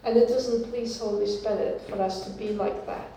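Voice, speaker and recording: A woman preaching a sermon, teaching slowly and deliberately and repeating her key phrases. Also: medium pitch, fairly even intonation, mellow, recorded from a distance. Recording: very echoey room, from off-mic.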